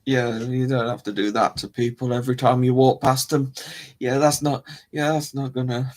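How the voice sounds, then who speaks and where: Speaking to his livestream chat, this man rambles in a relaxed way, frequently dropping sentences and starting over. His mid-range voice is flat and a little mellow, at a moderate pace.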